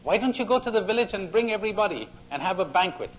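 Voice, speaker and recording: A man voicing a clever, quick-witted male rabbit who talks briskly and cunningly. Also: high-pitched, animated, dull audio, pitched above the performer's own voice. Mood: sly.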